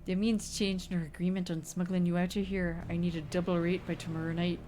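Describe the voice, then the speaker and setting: A woman voicing a gruff male smuggler, putting on a bad Canadian accent and tacking "eh" onto his lines. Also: fairly low pitch, level tone, fairly quick, warm tone, faint music behind, close to an everyday voice. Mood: stern.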